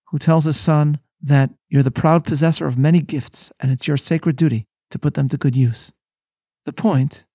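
A man hosting a scripted Bible lesson, speaking in a measured, scholarly, sermon-like way. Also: on the high side, creaky, warm tone, slightly rough, no echo, studio quality. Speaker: host and rabbi.

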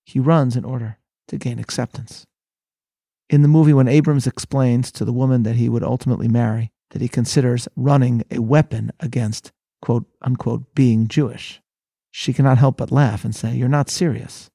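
A man, a rabbi, delivering a measured sermon-style lecture and reading quotations with dramatic emphasis. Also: mid-range voice, vocal fry, warm tone, husky, dry recording.

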